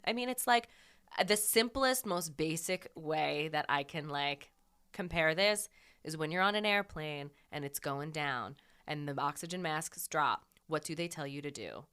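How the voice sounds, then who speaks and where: A woman with a bright, forceful voice that sits a little low in pitch. She co-hosts a casual podcast, backing up her friend with steady agreement and encouraging advice. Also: smooth. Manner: affirming, encouraging, quick bursts. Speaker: podcast co-host. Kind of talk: casual chat.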